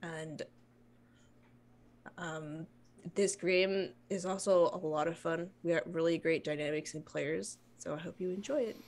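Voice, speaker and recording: A woman's voice: lowish voice, steady tone, unhurried, a little mellow. A woman playing in a tabletop game, chatting casually and explaining details in a friendly way. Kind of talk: casual chat.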